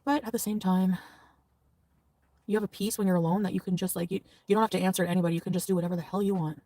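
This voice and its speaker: A woman's voice: on the low side, fairly even intonation, racing, dry recording. A woman chatting casually and rambling as a livestreamer, confiding stories and laughing often. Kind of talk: casual chat. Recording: distant mic with loud traffic noise.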